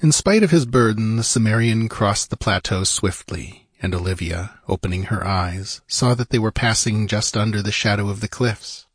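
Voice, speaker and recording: Husky low-voiced guy reading a dark adventure story, dry close sound. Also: moderate pace, few pauses, dry recording. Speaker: audiobook narrator. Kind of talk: dramatic audiobook narration.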